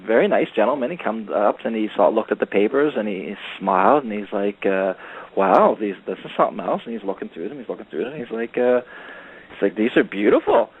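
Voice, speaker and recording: A man's voice: fairly low pitch, slightly rough. A man telling a long story in casual radio chat, rambling with many fillers and acting out the voices of the people he met. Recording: phone-line call-in radio audio.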